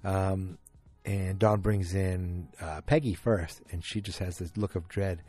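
A man casually recapping a TV episode, rambling and animated as he acts out the characters' lines. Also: low-pitched, measured pace, soft background music.

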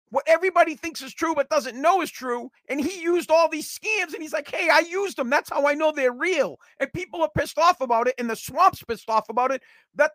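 A man's voice: extremely high pitch, a bit bright, no room sound. Worked-up guy ranting about politics, sarcastic, swears a lot, dry close mic. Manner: combative, sarcastic, swears, repeats words when worked up. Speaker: political commentator. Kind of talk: heated political rant.

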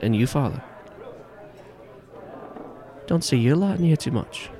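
A man voicing a brash bartender in his early thirties, with a gruff, cheeky manner. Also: fairly high pitch, lively intonation, measured pace, dark tone, voice pushed up.

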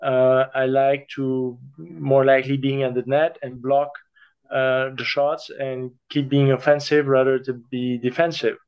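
Slow-speaking man with a smooth, dull sound. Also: mid-range voice, flat delivery. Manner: deliberate, searching for words. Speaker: interview guest, padel player. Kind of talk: conversational answers.

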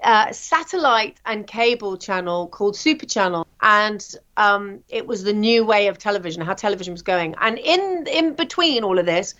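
A woman, a TV presenter, telling her career story in a chatty, animated way with plenty of ums. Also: medium pitch, moderate pace, few pauses, highs cut off. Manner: chatty, animated anecdotes with frequent fillers. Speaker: guest, TV presenter. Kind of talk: interview storytelling.

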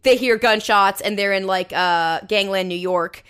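A woman co-hosting a podcast, laying out an idea in relaxed, storytelling casual chat. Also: medium pitch, a little slow, clear, resonant tone. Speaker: podcast co-host.

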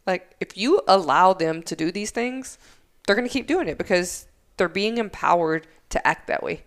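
Animated storytelling woman. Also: fairly low pitch, moderate pace, clean tone. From United States. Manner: animated storyteller who swears freely and acts out both sides of arguments. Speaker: podcast guest, former Air Force instructor. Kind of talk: casual chat, storytelling.

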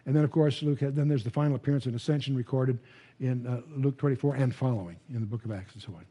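A man's voice: mid-range voice, fast, mellow, husky. A man teaching the Bible to a live audience in a conversational lecture style, often restarting with repeated words and asking the listeners questions.

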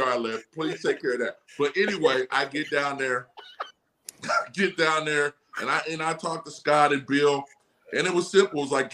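A man in his forties, a former athlete guest, telling stories in a casual podcast chat, animated, laughing often and swearing freely. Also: on the high side, moderate pace, noisy background. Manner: animated storyteller, frequent laughs and profanity. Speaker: guest, former running back.

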